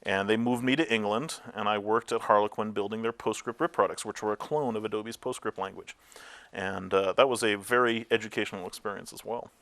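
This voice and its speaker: A middle-aged man with a fairly low voice answers interview questions. He tells his stories with animation, breaking into laughter and acting out the voices of people he quotes. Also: a little fast. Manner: animated storyteller, acts out quotes, laughs often. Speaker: interviewee, tech founder. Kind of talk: oral history interview.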